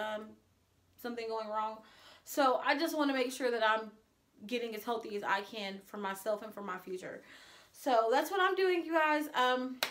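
A woman speaks in a slightly high voice, chatting to her viewers in a casual personal vlog. She sounds earnest and open, like she is confiding in them, and at moments she gets emotional. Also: a bit bright. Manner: earnest, confessional, at times emotional. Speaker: vlogger.

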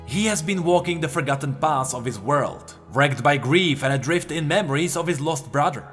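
A weary, wounded immortal warrior, speaking in a grave, solemn tone, as a man puts him on. The voice still moves with lively rises and falls in a fantasy story reading. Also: on the high side, normal speed, soft background music.

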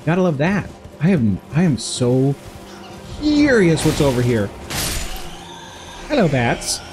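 A playful man giving live game commentary, his pitch swooping up and down as he giggles and jokes. Faint music sits under his talk. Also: very animated, takes it slowly. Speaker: gaming streamer. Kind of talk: live let's-play commentary.

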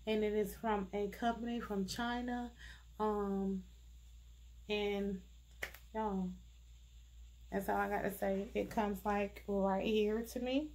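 A woman's voice: mid-range voice, steady tone, darkish tone, slight background noise. A woman hosting a casual wig review vlog, chatty and full of fillers, talking through a congested, sinus-blocked nose. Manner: unhurried, chatty, many fillers. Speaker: wig reviewer, channel host.

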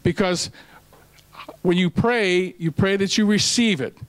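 Preaching at a ministry meeting, a man speaks a little slowly in a high voice, telling a folksy story, quoting scripture and slipping in a joke, restarting at points. The recording is dry and rough.

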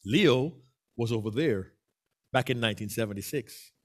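A man's voice: medium pitch, animated, moderate pace. A man from Jamaica with a Jamaican accent, leading an interactive speaking workshop and coaxing answers from the audience. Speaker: workshop presenter. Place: meeting room with a hybrid online audience.

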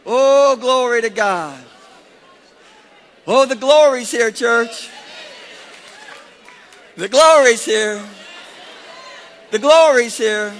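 A man preaching as pastor, leading a congregation in call-and-response and swinging between shouted praise and quiet prayer. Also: very high-pitched, drawn-out words, long pauses, some chatter behind. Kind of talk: sermon.

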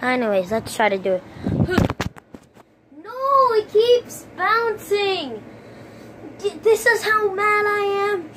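A woman chatting into her phone outdoors in a casual vlog, her voice high and swooping all over. She talks slowly, with playful sound effects and sudden excited yelps. The recording is noisy, with thunder and rain behind her. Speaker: vlogger. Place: outdoors in a storm. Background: thunder and rain noise.

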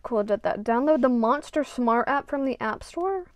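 Higher-voiced woman, self-deprecating muttering. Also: expressive, normal speed, dry recording. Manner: self-deprecating, swearing, muttering to herself while working. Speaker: vlogger. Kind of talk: casual crafting vlog. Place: her bedroom at home.

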